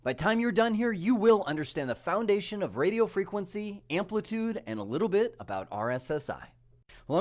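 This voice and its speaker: Male tech instructor, lively and playful, a bit high-pitched. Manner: animated, playful, acts out little voices. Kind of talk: video lesson.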